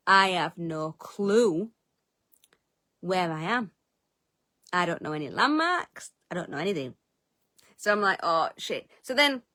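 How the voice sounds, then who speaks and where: A woman's voice: mid-range voice, pushed and bright, no room sound. Chatty self-mocking woman vlogger. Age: adult, eldest of three siblings. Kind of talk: casual storytelling.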